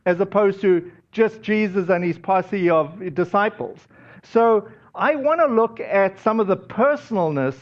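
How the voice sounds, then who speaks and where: Pastor, male, high-pitched, casual storytelling sermon, slightly muffled audio. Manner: conversational, storytelling with many fillers.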